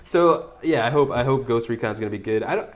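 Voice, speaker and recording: A man hosting a gaming podcast in casual chat, upbeat and quick to laugh. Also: fairly high pitch. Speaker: podcast host.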